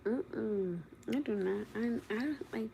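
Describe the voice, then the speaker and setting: A woman's voice: medium pitch, measured pace, vocal fry, mellow, slight background noise. A young woman chatting casually with viewers on a late-night livestream from her bed, sleepy and teasing, laughing often. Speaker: livestream host. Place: at home in bed.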